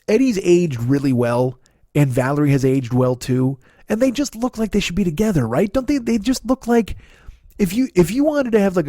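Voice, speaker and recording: Profane ranting comic, slightly high voice. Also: male voice, mellow, no room sound, clean studio sound. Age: 40s. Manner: profane, ranting, with frequent laughs and restarts. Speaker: podcast host. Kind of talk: comedy podcast monologue.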